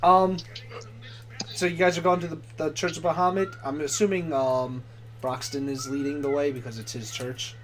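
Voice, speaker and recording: A man's voice: fairly high pitch, flat delivery, normal speed. A man running a tabletop game as game master on a live stream. He restarts his sentences often and makes self-mocking jokes.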